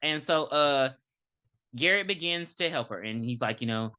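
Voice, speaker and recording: A woman co-host retells a movie plot in loose, profane chat, slipping into quick voices for the characters. Her voice sits a little low but sounds bright and forward. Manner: animated, profane storytelling with acted quotes. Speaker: podcast co-host. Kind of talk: casual movie review chat.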